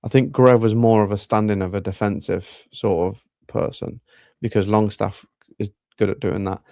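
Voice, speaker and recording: A man with a Yorkshire accent, co-hosting a casual football podcast in an animated way. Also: on the low side, normal speed, creaky, dry recording, clean studio sound. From England. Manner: animated, acts out players' voices. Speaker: podcast co-host.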